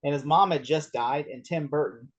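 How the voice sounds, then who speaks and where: A man's voice: fairly high pitch, moderate pace. A man hosting a casual movie podcast who rambles, riffs with jokes and laughs often. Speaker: podcast host.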